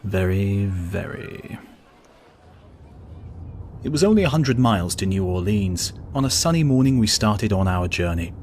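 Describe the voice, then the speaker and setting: A man reading a travel story aloud as an audiobook narrator, measured and steady. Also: on the low side, slight background noise. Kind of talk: scripted narration.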